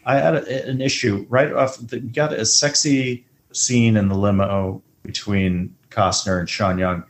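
Guy on a movie podcast, lowish voice, jokey and animated, goes up high when riffing. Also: unhurried. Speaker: podcast co-host. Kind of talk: casual movie podcast chat.

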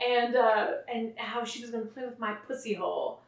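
A woman's voice: on the high side, normal speed, distant mic. Woman, podcast host, profane, brash, roomy echo. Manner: brash, profane, laughing storyteller. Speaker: podcast hostess. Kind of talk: casual raunchy podcast chat. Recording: roomy echo, voice somewhat off-mic.

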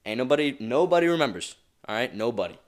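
A man's voice: medium pitch, very animated, quick pace, pitched above the performer's own voice, close to an everyday voice. A man quoting a kind, bossy older woman janitor in a slightly raised, insistent voice. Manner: insistent and warm.

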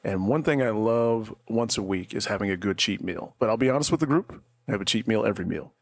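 Gravelly low-voiced man joking. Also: lively intonation, fast talker, dry recording, clean studio sound. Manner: joking, teasing banter. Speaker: podcast co-host. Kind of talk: casual podcast chat.

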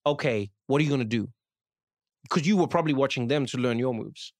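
Animated man from South Africa, dry sound. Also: mid-range voice, brisk, dry recording. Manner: animated storyteller, slips into voices of people he describes. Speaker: guest. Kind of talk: casual podcast chat.

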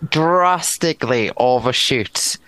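A man talks over a close, dry microphone in a loose podcast chat. His pitch sits in an ordinary middle range. He rants bluntly and swears freely. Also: animated, slow, bright, forceful tone, no echo, poor audio. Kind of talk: casual opinionated chat.

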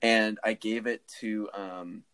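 A man in his early twenties, chatting casually on a podcast and telling lively stories. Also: fairly low pitch, slow pace, clean tone. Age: 20s. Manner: animated storyteller who acts out the people he quotes. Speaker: podcast co-host.

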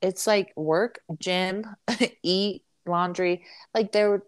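A woman in casual chat, talking about her husband and family in a chatty, animated way with many fillers. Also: medium pitch, drawn-out words, clean tone, dry recording. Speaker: podcast co-host, military spouse.

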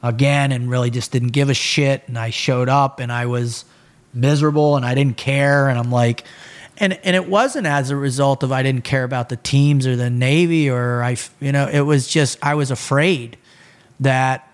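A man's voice: mid-range voice, normal speed. A middle-aged man telling a long personal story in casual conversation, swearing freely and acting out quoted lines from others. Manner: profane, animated storytelling with quoted voices. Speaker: podcast guest.

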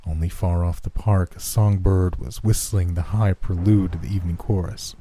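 A male narrator reads a gothic horror tale in a very deep, very dark and mellow voice. His pace is measured and unhurried. The sound is dry and close to the mic. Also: fairly even intonation, husky, dry recording.

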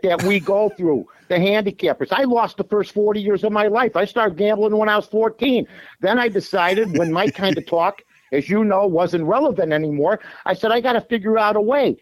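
Here the Chicago handicapper and radio host sounds high-pitched on a dry, low-quality recording. Sitting in his parked car as a guest on a call-in show, he chats bluntly about sports, restarting often and using lots of fillers.

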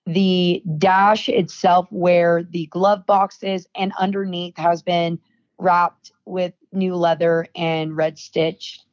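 Lively young woman telling a story, lo-fi. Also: lowish voice, slow pace. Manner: animated storyteller, acts out quoted dialogue. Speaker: podcast guest. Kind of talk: casual storytelling chat. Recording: dull, lo-fi dry sound.

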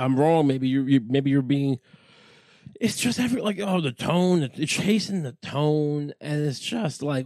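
A man's voice: medium pitch, gravelly, a little mellow, dry recording. A man hosting a casual monologue, rambling with lots of swearing and working himself up into rants. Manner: profane, rambling, gets worked up into ranting.

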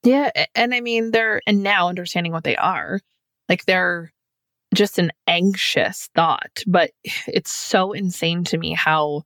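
A woman's voice: lowish voice, unhurried, a bit bright, no echo. A woman talking candidly on a podcast about her own experiences, in a reflective manner with many casual fillers. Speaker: podcast guest. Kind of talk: casual conversation.

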